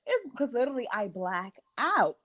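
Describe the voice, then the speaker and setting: Animated young woman telling a story. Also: fairly high pitch, moderate pace, low-quality recording. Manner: animated, acts out quoted voices. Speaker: podcast host. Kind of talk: casual storytelling chat.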